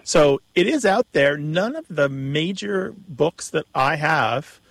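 Male radio co-host, gravelly, dry studio sound, explanatory. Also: on the high side, big pitch swings, slow pace, fairly bright tone, no room sound. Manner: knowledgeable, explanatory, with restarts. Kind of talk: call-in radio chat. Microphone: studio mic.

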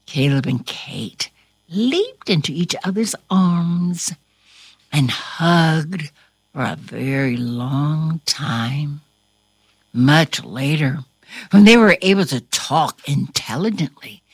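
Woman storyteller, high and leisurely, big dramatic read-aloud with whispers and cries, a touch breathy. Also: no room sound, studio quality. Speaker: storybook reader.

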